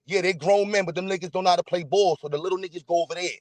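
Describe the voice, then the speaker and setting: A young man hosting a livestream, ranting loudly and profanely and mocking the people he disagrees with. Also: high-pitched, steady tone, very fast, dry recording. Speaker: livestream host. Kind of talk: heated livestream rant.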